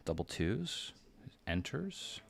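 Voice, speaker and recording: A man giving live game commentary in a hushed, near-whispered voice, thinking aloud about each move. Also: sits low, very animated, slow, creaky, husky. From United States. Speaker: backgammon commentator.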